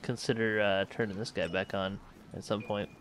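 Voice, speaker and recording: A man's voice: on the low side, little pitch movement, moderate pace, a bit bright, a little hiss or hum. A man hosting a let's play, thinking aloud and correcting himself as he manages a space colony game. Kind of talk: casual gameplay commentary.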